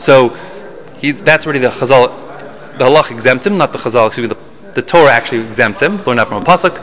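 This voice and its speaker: A man's voice: mid-range voice, fast talker, fairly bright tone. A man teaching a Mishnah class, reading the Hebrew text and explaining it in English, often restarting and correcting himself. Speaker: Torah teacher.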